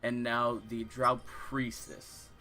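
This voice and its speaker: A young man narrating as dungeon master, describing the fight in lively detail and calling for rolls. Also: medium pitch, takes it slowly, faint music behind. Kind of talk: narrating a tabletop game.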